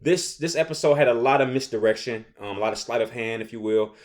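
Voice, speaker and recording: A young man casually recapping a TV episode, rambling and animated, often acting out characters' lines. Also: mid-range voice, fast talker. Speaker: show recap host.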